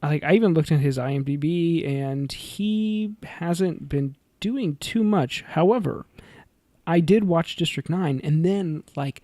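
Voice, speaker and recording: A man with a fairly high voice chats loosely on a film review podcast. He giggles and rambles, filling gaps as he goes. The sound is dry and close. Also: animated, a little slow, warm tone, dry recording. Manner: giggly, rambling, many fillers. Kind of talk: casual chat.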